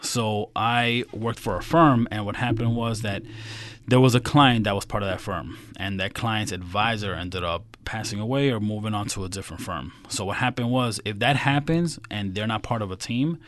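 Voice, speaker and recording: A man's voice: fairly low pitch, normal speed. A middle-aged man from Queens, a financial advisor telling stories in a casual interview and acting out the quotes. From Queens, New York. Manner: animated, acts out quotes.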